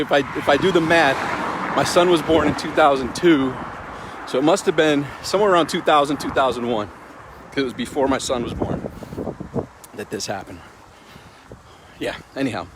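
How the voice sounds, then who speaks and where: Middle-aged guy rambling thru a story on his morning walk, phone mic, faint traffic behind. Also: medium pitch. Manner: rambling, repeats words, greets passersby. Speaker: motivational vlogger. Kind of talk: casual storytelling livestream.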